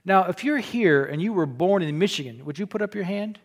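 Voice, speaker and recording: Folksy, high-voiced pastor preaching. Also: male voice, a little fast. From Illinois. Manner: folksy, joking, animated storytelling with repeated restarts. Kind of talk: sermon. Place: church.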